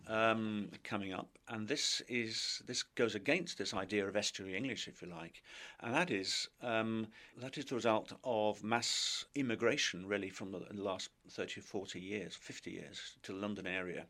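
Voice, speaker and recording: Male linguist, lowish, measured interview explainer. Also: pushed and bright. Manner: measured, academic, careful phrasing.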